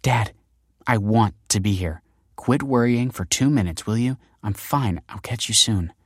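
A man voicing a young student daughter, brisk and reassuring. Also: lowish voice, husky, dry recording, clean studio sound.

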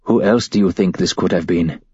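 A man voicing a calm, compassionate royal figure who speaks formally in a storybook reading. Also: deep voice, moderate pace, slightly rough, dry recording, lo-fi sound. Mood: curt. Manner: gentle, formal. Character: calm commanding male royal, gentle and compassionate.

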